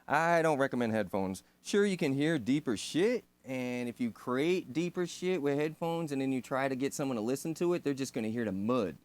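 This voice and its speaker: A man's voice: medium pitch, lively intonation, moderate pace, few pauses, a little mellow. A man reading a synthesizer manual aloud and breaking off into laid-back, self-deprecating commentary with casual swearing. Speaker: synth hobbyist host.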